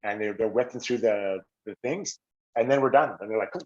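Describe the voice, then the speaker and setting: Canadian man telling animated hockey stories. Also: brisk. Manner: animated, acts out quotes with raised pitch. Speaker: podcast guest, former hockey player. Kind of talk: casual storytelling. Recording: slightly dull lo-fi audio.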